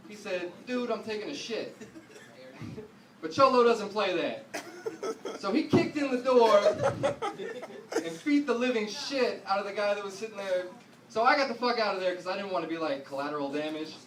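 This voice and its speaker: A young man doing a stand-up set on a club stage, telling a profane story with deadpan asides and voicing the other people in it. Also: high voice, normal speed, long pauses. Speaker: stand-up comedian. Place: comedy club stage before a live audience. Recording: roomy club sound, distant mic, audience noise.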